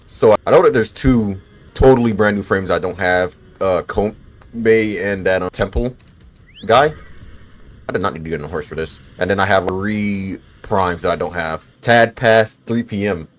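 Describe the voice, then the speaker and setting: A man in his twenties with a lowish voice gives laid-back, swear-heavy commentary while he plays a game. He chats loosely with his viewers between fights and is bothered by the hiccups. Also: normal speed. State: has the hiccups. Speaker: gaming streamer. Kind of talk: casual gameplay commentary.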